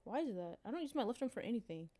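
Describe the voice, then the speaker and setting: A woman's voice: fairly high pitch, sing-song, very fast, mellow, dry recording, studio quality. A young woman co-hosting a casual podcast, chatting playfully and giggling. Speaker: podcast co-host. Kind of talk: casual chat. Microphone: video call.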